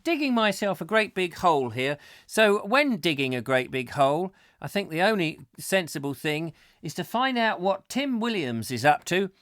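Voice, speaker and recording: A man's voice: sits high, very animated, normal speed, hardly any pauses, a bit bright, no room sound, clean studio sound. A middle-aged man hosting a comic live chat show, rambling playfully through viewer comments with mock-macabre asides. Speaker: host.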